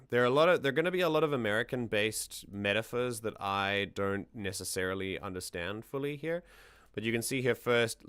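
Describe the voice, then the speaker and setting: Male streamer, lowish and clean-toned, dry close sound, thinks aloud while breaking down lyrics. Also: a bit bright, clean tone, no room sound. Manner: musing, thinks aloud with restarts. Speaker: stream host. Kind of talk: casual lyric analysis on a livestream.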